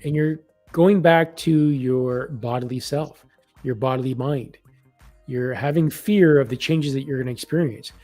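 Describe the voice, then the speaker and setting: A man's voice: mid-range voice, measured pace, mellow, soft background music, natural voice. A man voicing a channeled male spirit guide who presses urgent, scolding questions.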